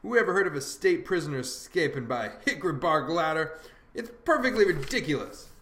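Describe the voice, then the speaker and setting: A man's voice: fairly high pitch, sing-song, brisk, fairly bright tone, slight background noise. A man voicing a bossy, know-it-all teenage boy who lectures in folksy dialect, in an audiobook reading. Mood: lecturing. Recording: roomy echo.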